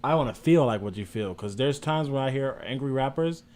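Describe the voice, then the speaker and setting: A young man co-hosting a casual livestream music review, rambling in a profane, animated way. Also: mid-range voice, a little fast.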